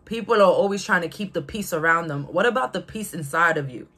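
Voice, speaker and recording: This is a young woman, talking through a tarot reading like a chat with friends. She is outspoken and quick to laugh, and her voice sits a little low. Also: expressive, bright, forceful tone, husky. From Brooklyn, New York. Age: 20s. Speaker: tarot reader. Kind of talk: casual tarot reading to viewers.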